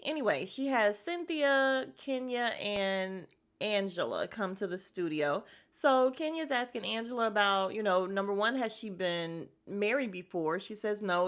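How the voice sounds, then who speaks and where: Recapping a reality show on her casual podcast, a mid-range-voiced woman is animated and sassy, acting out quotes in exaggerated voices.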